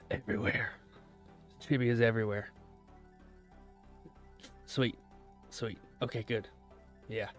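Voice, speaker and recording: A young American man streaming live while day trading, rambling casually and greeting viewers by name. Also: mid-range voice. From United States. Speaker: livestream day trader.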